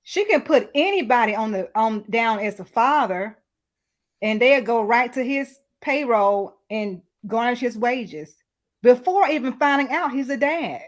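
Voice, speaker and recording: A woman's voice: a little high, lively intonation, a little slow. A woman guest in a casual talk, speaking frankly and giving blunt advice to young men. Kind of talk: casual chat.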